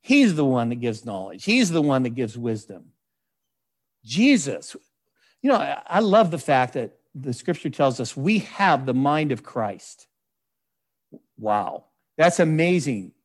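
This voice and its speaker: A man's voice: medium pitch, big pitch swings. A man preaching a sermon in a conversational, folksy way, with frequent asides and scripture read aloud. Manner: reads scripture aloud in measured voice. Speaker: pastor.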